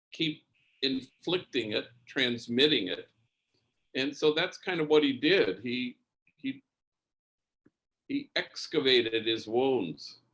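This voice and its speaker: A man of middle pitch tells a personal story in a hearing, taking his time. He speaks as a priest would, easy and anecdotal. He often pauses and restarts mid-sentence. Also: fairly bright tone. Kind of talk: spoken testimony, storytelling.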